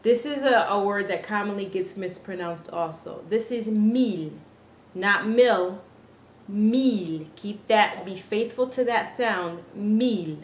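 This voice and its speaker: A woman's voice: medium pitch, normal speed, hardly any pauses. A woman teaching Spanish pronunciation to English speakers, patiently repeating each word for practice. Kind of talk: pronunciation lesson. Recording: echoey room with faint ambient noise.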